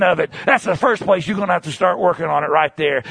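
A man's voice: gravelly, dry recording. Fervent preacher man, dry close sound. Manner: fervent, builds to shouts then drops low and slow; repetitive, emphatic. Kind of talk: sermon.

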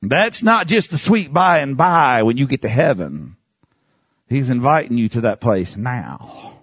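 Preaching an expository Bible sermon in a conversational style, a man swings between high, emphatic outbursts and low, hushed asides, and poses questions to his listeners. His husky voice has big pitch swings and an unhurried pace, with no room sound.

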